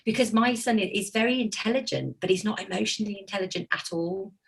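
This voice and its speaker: A woman chatting casually about her autistic son, telling animated stories and laughing often. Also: medium pitch, fast talker, vocal fry, husky. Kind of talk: casual group chat.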